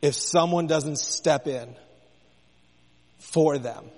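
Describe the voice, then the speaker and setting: Male preacher, fairly high voice, impassioned sermon, long church reverb. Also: very slow, darkish tone. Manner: impassioned, rising and falling in intensity.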